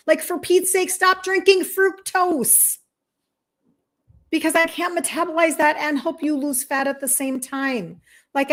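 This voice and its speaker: A woman's voice: sits high, pitched above the performer's own voice. A woman voicing a weary pleading liver girl. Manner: exasperated, pleading. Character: overworked tired female liver, pleading.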